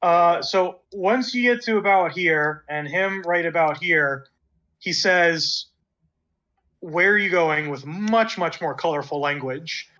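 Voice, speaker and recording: A man runs a tabletop game in a high, bright voice, and he often stops and restarts while narrating and playing characters. The sound is muffled and lo-fi, like a voice call. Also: measured pace. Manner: hesitant, full of fillers and restarts. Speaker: dungeon master. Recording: muffled lo-fi audio.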